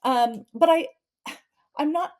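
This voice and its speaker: A woman's voice: high-pitched, slow, darkish tone. A woman therapist and podcast guest giving conversational parenting advice, acting out family scenes with playful voice shifts.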